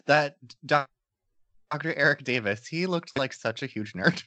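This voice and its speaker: A man's voice: a little high, animated, takes it slowly, pushed and bright, dry recording. Dry, jokey male podcast co-host. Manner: jokey, laughs often. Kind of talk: casual chat reviewing a documentary. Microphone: remote call.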